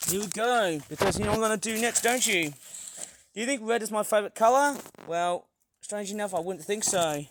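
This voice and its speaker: A man chatting excitedly outdoors while smashing toys for a review vlog, often laughing and whooping. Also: high voice, fairly quick, a little hiss or hum. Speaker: toy reviewer. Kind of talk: casual toy-smashing vlog. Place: outdoors on a hot day.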